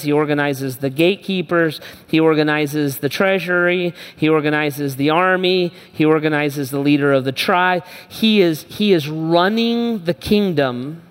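A man's voice: fairly high pitch, smooth. A middle-aged male pastor preaching a sermon, emphatic and repetitive, speaking straight to his listeners. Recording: long hall reverb.

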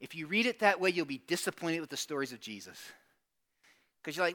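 A man preaching a sermon, telling a story in an animated, conversational way and acting out the people in it. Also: a little high, a little fast. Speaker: pastor.

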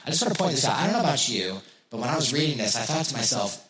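A man's voice: medium pitch, very animated, racing, few pauses, a crowd in the background. A man preaching a sermon as pastor, talking casually to his congregation, asking rhetorical questions and repeating key phrases for emphasis. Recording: roomy echo.

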